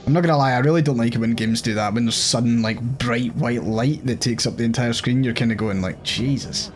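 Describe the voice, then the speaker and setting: A man's voice: medium pitch, fast talker. A Scottish man casually commentating while he plays a video game, chatty and joking as he thinks aloud. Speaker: gaming host. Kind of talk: casual let's-play commentary.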